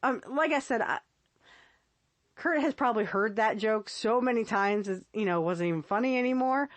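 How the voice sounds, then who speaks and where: A woman hosts a solo podcast, chatting casually and giggling often, with plenty of fillers and repeats. Her fairly high voice moves at a moderate pace, recorded with no room sound.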